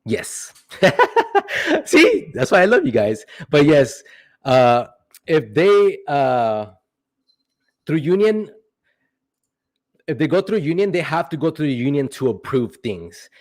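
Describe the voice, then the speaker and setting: A man's voice: a little high, very animated, a little mellow. Rambling young man on a livestream. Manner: rambling, playful, drawn-out joking asides. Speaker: livestream host answering chat questions. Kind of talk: casual livestream chat.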